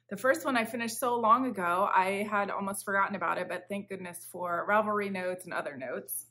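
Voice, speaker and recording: A woman with a mid-range, bright, forceful voice chats on her crafting podcast from home, recorded on a camera for a video podcast. Still a bit sick and recovering from illness, the host rambles in a friendly, chatty way, often interrupting herself.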